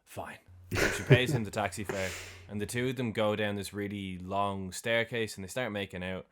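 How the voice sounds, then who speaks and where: A man with a very low voice talks through a film's plot on a podcast, casually and loosely. He slips into the characters' lines as he retells each scene, and he swears freely along the way. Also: fairly even intonation, moderate pace, fairly bright tone. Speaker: film podcast co-host. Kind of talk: casual film recap chat.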